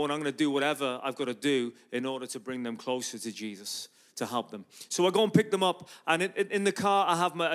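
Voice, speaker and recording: A man from Ireland, preaching in a church and telling a story with lots of acted-out dialogue. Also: a little high. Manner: animated storyteller who acts out dialogue. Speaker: guest preacher and street evangelist. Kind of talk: storytelling sermon.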